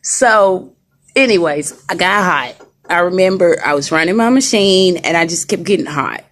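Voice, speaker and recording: Woman livestreaming from a hospital bed, fired up and repeating herself, lowish voice. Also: lively intonation, normal speed, fairly bright tone. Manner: emphatic, repetitive, talks straight to viewers. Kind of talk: casual live-stream rant. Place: hospital room.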